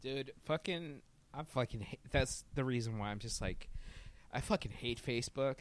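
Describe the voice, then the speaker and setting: A man co-hosting a casual podcast, telling stories in an animated, profane way. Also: mid-range voice, moderate pace. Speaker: podcast co-host.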